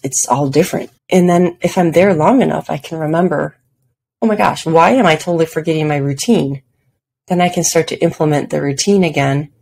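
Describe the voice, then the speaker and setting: A woman's voice: deep voice, a little mellow, a little hiss or hum. A woman hosting her own podcast, talking casually and self-deprecatingly about her daily habits, often laughing at herself. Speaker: podcast host. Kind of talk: casual solo podcast talk.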